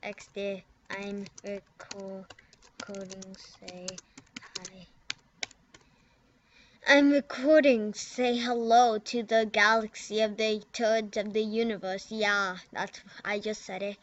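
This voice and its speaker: A woman's voice: mid-range voice, level tone, a little hiss or hum. A young woman giggling and mumbling as she records a prank game video, typing at her computer. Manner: giggly, halting, mumbles and trails off. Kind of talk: casual giggly commentary while typing. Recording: dull lo-fi computer mic.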